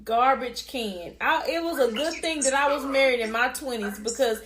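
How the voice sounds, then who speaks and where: A woman's voice: high-pitched, normal speed, a crowd in the background. A woman in her forties co-hosting a podcast, talking in casual chat with blunt, profane humor. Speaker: podcast co-host. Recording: echoey room.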